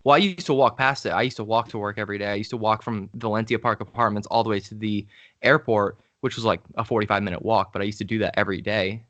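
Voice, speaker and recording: Halting male guest on a dull line. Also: on the low side, a bit bright, no echo. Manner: rambling, halting, filler-heavy recollection. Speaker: musician guest. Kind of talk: casual interview chat.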